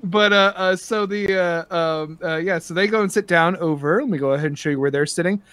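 A man's voice: high-pitched, fairly quick, fairly bright tone, dry recording. A man from New Zealand narrating a tabletop game as game master, rambling with many fillers.

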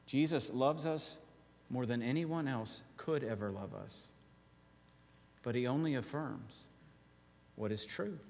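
Man preaching in a reverberant hall. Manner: emphatic, drops to quiet slow phrases and rises to urgent high appeals. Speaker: pastor. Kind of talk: sermon.

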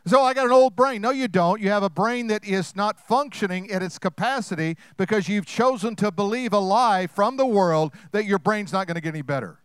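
A male pastor preaching a sermon in a lively, conversational way that often acts out voices. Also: high voice, brisk, hardly any pauses, clear, resonant tone, no echo.

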